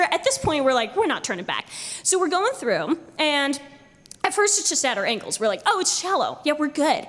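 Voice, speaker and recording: A young woman telling a true story live on stage to an audience, animated and laughing often as she acts out what people said. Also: high-pitched, normal speed. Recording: live hall recording with long reverb.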